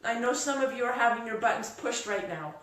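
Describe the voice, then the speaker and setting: A woman's voice: a little high, expressive, fairly quick, a bit bright, very echoey, distant mic. A woman giving a live-streamed motivational talk, emphatic and repetitive, tearful as she speaks. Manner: emphatic, repeats phrases, turns tearful and emotional. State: crying.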